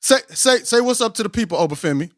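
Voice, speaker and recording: A man hosting a casual podcast interview, excitable and playful, slurring now and then and stumbling over names. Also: high voice, fast, no echo, studio quality. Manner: hyped and playful, keeps telling himself to calm down. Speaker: podcast host.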